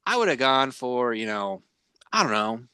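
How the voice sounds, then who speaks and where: A man's voice: medium pitch, sing-song, measured pace, pushed and bright, clean tone, no room sound, clean studio sound. A man hosting a podcast, chatting casually and rambling with many fillers. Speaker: podcast host. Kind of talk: casual chat.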